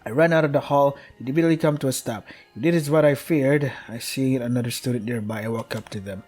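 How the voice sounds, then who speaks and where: A young man reads a game's text aloud in a middle-pitched voice, skimming with "yada yada". He keeps breaking off to swear and grumble in exasperation. Faint music plays underneath. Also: fast talker, darkish tone. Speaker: game streamer. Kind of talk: reading game text aloud with frustrated commentary.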